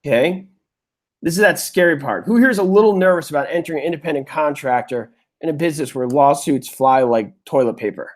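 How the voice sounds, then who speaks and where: Guy from new york running a webinar, kinda high voice, chatty, talks right to "you guys", gets heartfelt. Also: a little fast. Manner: chatty and emotional, addresses viewers as "you guys". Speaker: webinar host. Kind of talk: live webinar lesson.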